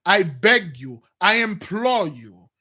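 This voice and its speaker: A man preaching in an animated, free-wheeling monologue. His voice sits high and bright, jumping from loud bursts to hushed mutters. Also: slow. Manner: animated, swings between loud outbursts and low mutters. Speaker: spiritual teacher.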